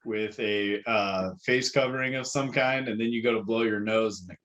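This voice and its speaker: A man's voice: fairly low pitch, normal speed, a bit bright, lo-fi sound, slight background noise. A man hosting a casual podcast chat in a laid-back, teasing way. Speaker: podcast host.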